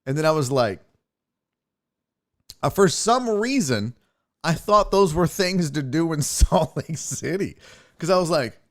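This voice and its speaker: A man's voice: fairly high pitch, animated, measured pace, long pauses. A man hosting a podcast, telling rambling road-trip stories in casual, profane talk. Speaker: podcast host. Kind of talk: casual storytelling monologue.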